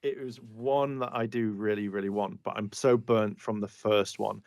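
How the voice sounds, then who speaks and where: A man's voice: fairly low pitch, fairly even intonation, normal speed, creaky, darkish tone, dry recording. A man co-hosting a casual fan livestream with wry, grumbling humor. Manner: wry, self-deprecating grumbling.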